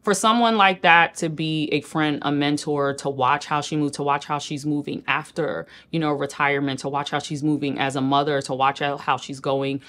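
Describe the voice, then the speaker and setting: A woman from Queens, a stylist being interviewed, telling animated stories and acting out what people said to her. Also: low voice, normal speed, hardly any pauses. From New York (Queens). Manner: animated storyteller who acts out quoted people. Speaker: celebrity stylist, guest. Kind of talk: casual interview storytelling.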